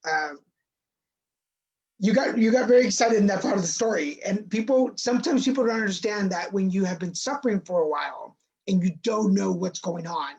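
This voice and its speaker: Husky man hosting a podcast. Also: high voice, darkish tone, lo-fi sound. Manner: quick, hesitant with many fillers. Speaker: podcast host. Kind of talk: casual interview, sponsor read.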